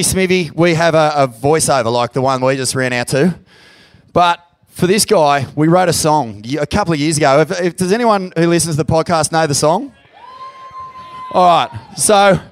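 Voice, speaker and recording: A man's voice: fairly high pitch, clean tone. An Australian man hosting a live podcast in a pub venue, sweary and effusive as he hypes up the crowd. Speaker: podcast host.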